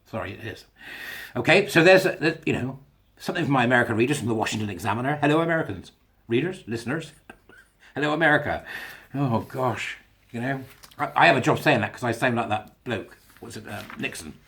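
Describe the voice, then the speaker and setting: Man, mid-pitched voice, blunt and opinionated, jokey, solo podcast monologue. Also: lively intonation, a little fast, vocal fry, fairly bright tone. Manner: blunt, jokey, laughs at his own jokes. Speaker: podcast host. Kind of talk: casual monologue.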